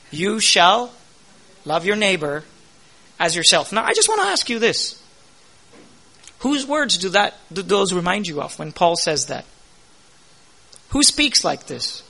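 Male preacher, high bright voice, call-and-answer delivery that swells on key points. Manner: asks the congregation questions and answers them himself; emphatic, rising loud on key points. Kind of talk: sermon.

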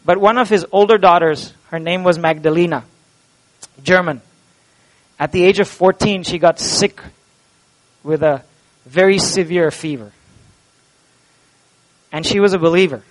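A man preaching an Easter sermon in a church and leading a closing prayer, impassioned and swinging from loud to hushed. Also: high voice, measured pace, pauses often, poor audio. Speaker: pastor. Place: church sanctuary.

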